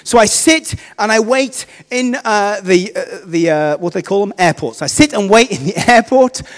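A man, a vicar, telling a self-mocking, animated personal story in a sermon. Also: high-pitched, normal speed, big-room sound.

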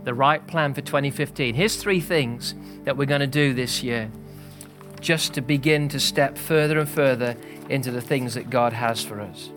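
A man preaching a sermon as pastor, energetic and exhorting, calling out to the congregation. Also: mid-range voice, moderate pace, music in the background. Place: church hall.

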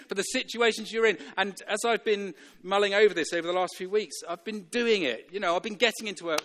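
A man's voice: high-pitched, brisk, fairly bright tone. A man preaching a sermon in a church, emphatic and repetitive, chuckling now and then between points. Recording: long reverb of a church hall.

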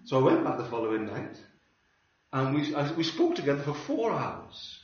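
Animated male preacher in an echoey hall. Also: fairly high pitch, normal speed. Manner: animated storyteller with wry humor. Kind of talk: sermon with storytelling. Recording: roomy hall from a distance, dull sound.

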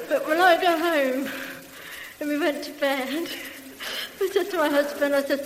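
Bubbling with laughter and repeated hallelujahs, this woman shares an effusive testimony at church in a large hall. She speaks at a moderate pace in a high voice, captured in an echoey recording with a faint hiss.

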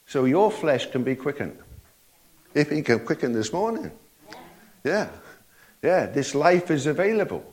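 Chuckling older preacher. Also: male voice, a little high, big pitch swings, measured pace, long pauses, darkish tone. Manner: folksy, chuckling, repeated tag questions. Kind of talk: sermon.

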